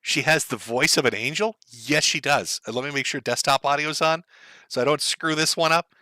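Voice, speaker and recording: A man's voice: a little high, moderate pace, bright, forceful tone, no room sound. A man streaming live, giving profane, mocking commentary over clips.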